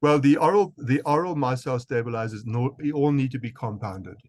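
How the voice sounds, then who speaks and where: Briskly and emphatically, a South African physician answers an interviewer's questions in a mid-range, slightly mellow voice. He often restarts, repeating words along the way. The audio carries no room sound.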